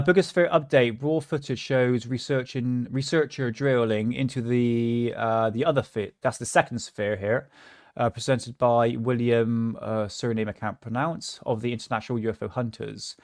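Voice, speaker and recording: A man's voice: medium pitch, fairly even intonation, moderate pace, no room sound, clean studio sound. A man hosting a livestream, chatting casually and mocking what he watches, often laughing. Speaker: livestream host.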